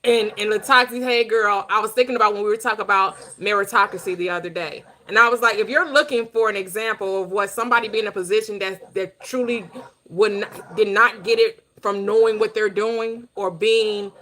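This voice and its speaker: A woman's voice: mid-range voice, steady tone, a little fast, fairly bright tone. A woman hosting a casual live-stream chat, often repeating words as she thinks aloud.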